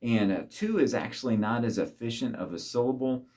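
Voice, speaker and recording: A man's voice: mid-range voice, fairly quick, a little mellow. A man teaching trumpet, patiently explaining and speaking tonguing syllables aloud for the viewer to repeat. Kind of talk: instructional talk to camera.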